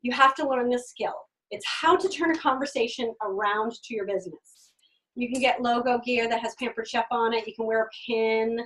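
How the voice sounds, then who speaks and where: A woman giving an energetic sales training talk, acting out customer conversations and repeating words for emphasis. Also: fairly high pitch, normal speed. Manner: energetic, acts out customer dialogues. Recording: voice from a distant mic.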